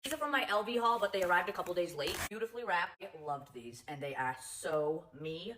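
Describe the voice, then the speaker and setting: A woman unboxing makeup packages in a vlog, excited and chatty. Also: fairly low pitch, fairly quick, distant mic, background noise. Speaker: beauty influencer.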